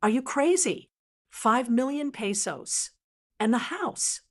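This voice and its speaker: A woman voicing an adult daughter who talks in breathless, high-pitched gushes. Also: animated, takes it slowly. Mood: gushing. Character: adult daughter, gushing then panicked.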